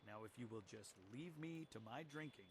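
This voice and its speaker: A man's voice: mid-range voice, normal speed, husky, lightly acted. An actor playing a pompous, drunken male tea house owner in a video game, smug and sarcastic. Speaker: game character.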